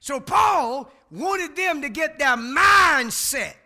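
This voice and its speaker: Man preaching a sermon, gravelly and animated, loud emphasis, chatty asides to the church. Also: very high voice, slow pace, background noise. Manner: emphatic preaching, shouting on key words, talking back to the congregation; colloquial, folksy asides.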